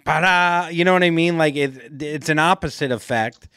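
A man co-hosting a podcast in casual chat, playful and quick to joke. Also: on the high side, smooth, dry recording, clean studio sound. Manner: animated, playful, joking. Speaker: podcast co-host.

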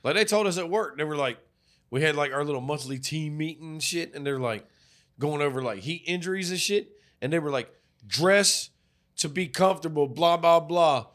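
A man co-hosting a podcast, telling stories in a loud, profane, animated way. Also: fairly high pitch, brisk. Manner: animated, profane storytelling with acted-out quotes. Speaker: podcast co-host. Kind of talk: casual chat.

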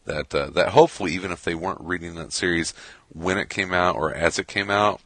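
Low bright-voiced guy from chicago rambling on a comics podcast, dry close mic. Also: brisk, no echo. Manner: rambling, restarts often. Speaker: podcast co-host. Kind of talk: casual chat.

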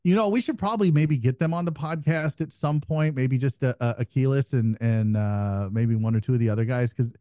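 A man co-hosting a casual podcast chat, telling stories in a swearing, animated way. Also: medium pitch, a little fast, few pauses, dry recording. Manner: profane, animated storytelling. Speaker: podcast co-host.

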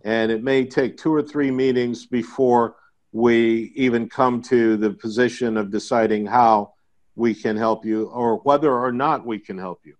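A man's voice: mid-range voice, steady tone, measured pace, dull audio. A middle-aged man in a podcast conversation, explaining his sales approach with folksy stories and jokes. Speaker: guest, IT sales consultant.

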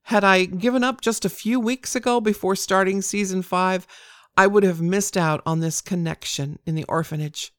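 A woman's voice: medium pitch, fairly even intonation, moderate pace, a bit bright, clear, resonant tone, no echo, studio quality. An older woman hosting a devotional podcast, talking in an earnest, encouraging way. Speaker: podcast host.

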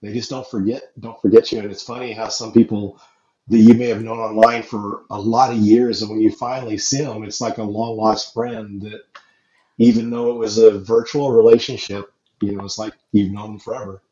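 A man's voice: lowish voice, flat delivery, normal speed, warm tone. A man hosting a podcast, chatting in an easygoing, agreeable, reflective way. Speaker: podcast host. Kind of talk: casual chat. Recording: dull roomy sound with faint noise.

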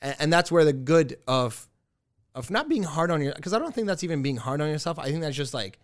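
A man co-hosting a podcast in a relaxed, rambling chat full of fillers. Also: a little high, a little fast, no room sound, clean studio sound. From Arab heritage. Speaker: podcast co-host. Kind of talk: casual chat.

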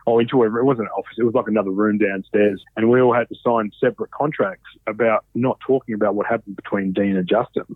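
A man telling stories in a casual, animated way, swearing freely. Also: on the low side, quick pace, hardly any pauses, no room sound. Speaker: podcast guest, former reality show contestant. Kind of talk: casual storytelling. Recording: dry, phone-like narrow sound.

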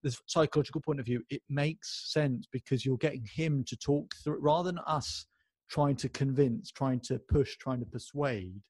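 Husky-voiced man asking rambling questions. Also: medium pitch, moderate pace, darkish tone, dry recording. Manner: rambling, enthusiastic questions with many restarts. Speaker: podcast host. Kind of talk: podcast interview.

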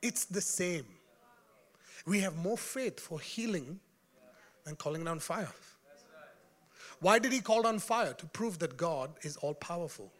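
A man preaching a sermon in an animated, joking way, often laughing and calling out to his congregation. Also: high voice, unhurried, long pauses.

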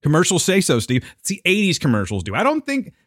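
Give me a chatty male co-host with a swooping, animated delivery. He jokes around and mimics other people's voices with a sardonic edge. The sound is dry and close to the mic. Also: sits high, quick pace, dry recording. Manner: animated, puts on voices in mocking impressions. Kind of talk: casual banter.

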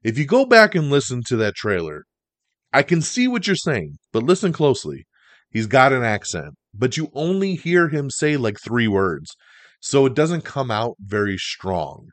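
A man hosting a podcast, running through entertainment news in a casual, animated way. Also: medium pitch, normal speed, no room sound. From Italian heritage. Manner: animated, chatty, breaks into goofy impressions. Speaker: podcast host.

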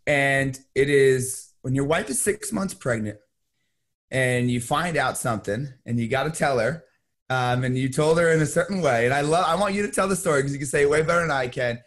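A man's voice: mid-range voice, a little fast, a bit bright. A man hosting an interview, asking questions in an earnest, encouraging way. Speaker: podcast host.

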